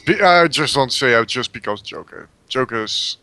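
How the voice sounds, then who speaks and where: A man's voice: mid-range voice, expressive, moderate pace, sharp tone. A man co-hosting a casual gaming chat, mostly giving brief, blunt agreeing replies. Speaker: gaming podcast co-host.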